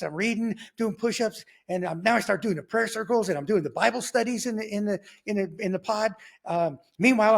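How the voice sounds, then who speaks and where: A middle-aged man telling his personal testimony in a rambling, animated way, with many restarts and quoted voices. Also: high-pitched. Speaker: testimony guest.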